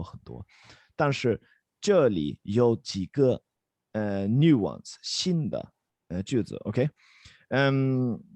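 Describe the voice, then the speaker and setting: A man's voice: lowish voice, darkish tone, dry recording. A man teaching a Mandarin lesson over a video call, encouraging and switching between English and Chinese. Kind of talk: online language lesson.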